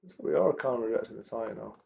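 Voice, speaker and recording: A young man talks to himself as he trades on a live stream, drifting between quiet muttering and chatty asides. His mid-pitched voice has a gravelly fry to it. The recording sounds dull and lo-fi. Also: lively intonation, very fast. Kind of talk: thinking aloud while trading.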